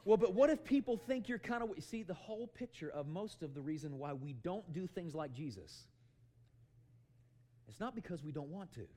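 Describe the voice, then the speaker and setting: A middle-aged man preaching a sermon, telling animated stories and calling out "amen" to the congregation. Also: a little high, moderate pace, a little hiss or hum. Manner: loud, animated storytelling with calls of "amen".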